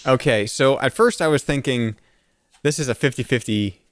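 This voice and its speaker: A man playing a trivia board game, answering in an easygoing way and reasoning out loud. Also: mid-range voice, normal speed. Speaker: game player. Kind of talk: casual chat over a board game.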